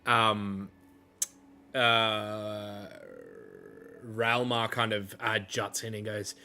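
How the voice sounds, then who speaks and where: A man's voice: on the low side, level tone, very slow, long pauses, pushed and bright, slight background noise. A man narrating a tabletop game as game master, hesitant and full of fillers.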